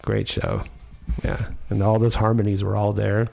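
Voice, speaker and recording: A man with a gravelly, creaky voice hosts a podcast in a loose, casual chat. He rambles with enthusiasm, piling on fillers as he goes. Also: lowish voice, level tone, normal speed, darkish tone. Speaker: podcast host.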